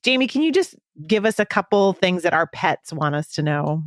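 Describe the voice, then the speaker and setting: Lively woman podcast co-host. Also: on the low side, normal speed. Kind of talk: casual podcast chat.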